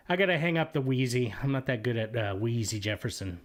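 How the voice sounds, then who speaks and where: A man's voice: mid-range voice, animated, fast talker, hardly any pauses. A man hosting a livestream, reading chat logs aloud with jokey asides and frequent laughter. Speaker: livestream host.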